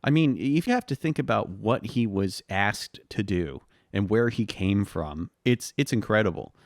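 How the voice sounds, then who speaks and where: An easygoing man with a fairly low voice co-hosts a relaxed history podcast. He chuckles often and fills his pauses with "uh" and "um". The sound is close and dry. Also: dry recording. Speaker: podcast co-host. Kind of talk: casual history chat.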